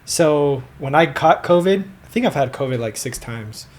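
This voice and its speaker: A man's voice: on the high side, expressive, normal speed. A man hosting a podcast in casual chat, easygoing, asking questions and offering his own views. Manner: easygoing, asks questions and shares opinions. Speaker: podcast host.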